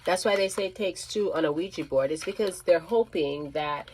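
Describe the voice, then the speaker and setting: Low-voiced woman rambling a storytime. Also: normal speed, darkish tone, a little hiss or hum. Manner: rambling, restarts and repeats phrases, many ums. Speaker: psychic medium. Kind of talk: casual storytime monologue.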